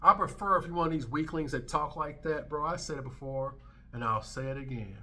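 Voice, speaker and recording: Man in his thirties, vlog host; brash emphatic rant, bright tense tone. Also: on the high side, a little fast. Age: 30s. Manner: brash, emphatic, swearing freely. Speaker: commentary channel host. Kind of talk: ranting commentary vlog.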